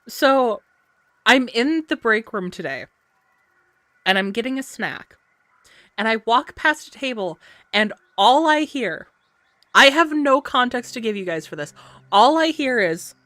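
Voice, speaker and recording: A woman's voice: fairly high pitch, lively intonation, slow, pauses often, fairly bright tone, no echo. A woman streamer chatting casually while gaming, telling stories and laughing often. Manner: giggly, chatty storyteller.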